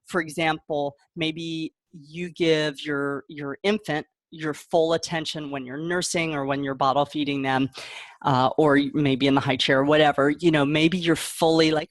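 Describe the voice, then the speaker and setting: A woman's voice: low voice, steady tone, a little slow, no echo, clean studio sound. A middle-aged woman parent coach giving casual advice, chatty and laughing often, now and then acting out a child's voice. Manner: warm chatty explaining, acts out kid voices, laughs often.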